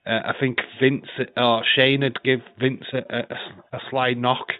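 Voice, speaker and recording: A man's voice: mid-range voice, little pitch movement, measured pace, no echo. A man hosting a casual live podcast, swearing freely and laughing often. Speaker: podcast host. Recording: tinny phone-like line.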